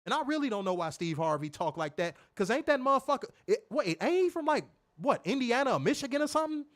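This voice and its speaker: Man, wrestling show co-host, high voice, lively swings in pitch, profane casual rant. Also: fast talker. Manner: animated, swears freely, mimics voices, laughs loudly. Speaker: podcast co-host reviewing wrestling.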